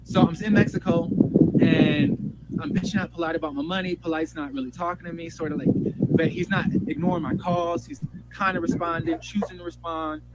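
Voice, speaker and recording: A man's voice: fairly high pitch, steady tone, fairly quick, very noisy. A man telling a rambling personal story in an agitated, emotional way, swearing often and restarting his sentences. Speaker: storyteller in a played clip.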